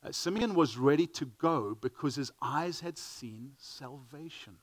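A man's voice: on the high side, expressive, measured pace. A middle-aged man preaching a sermon, earnest, often repeating words as he starts a phrase.

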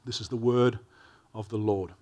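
A man with a South African accent preaching a sermon as a pastor, reading scripture and telling stories in an earnest, conversational way with gentle humor. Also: fairly low pitch, steady tone, moderate pace, lo-fi sound.

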